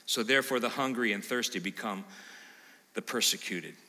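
Pastor, male, very bright tone; lively sermon with asides to the congregation, long church reverb. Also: lowish voice, normal speed. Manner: animated, plays out imagined listener lines, quizzes the congregation. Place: church sanctuary.

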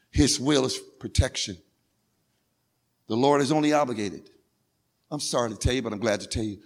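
A male pastor preaching a sermon, repeating phrases insistently and building from quiet talk to crying out. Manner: swings from low and quiet to shouting, crying out.

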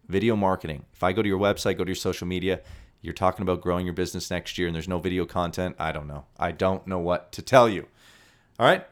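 Low-voiced excitable male podcast host. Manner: excitable and salesy, drops to mumbled asides. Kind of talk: energetic solo podcast monologue.

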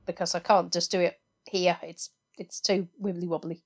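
A woman's voice: on the low side, flat delivery, moderate pace. A woman playing a tabletop game, chatty and wry. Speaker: player. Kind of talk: tabletop role-play.

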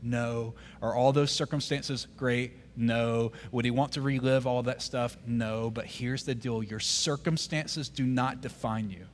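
A man, preaching a sermon as the pastor. He tells a story, drops almost to a whisper at tender moments, and grows forceful when he urges the congregation. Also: mid-range voice, fairly even intonation, measured pace, hardly any pauses, a little hiss or hum.

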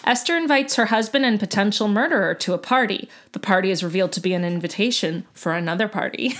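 A woman's voice: medium pitch, fast talker, a bit bright. A woman co-hosting a podcast in casual chat, talking loosely with frequent laughs and filler words. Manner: chatty, laughs often, many ums. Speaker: podcast co-host.

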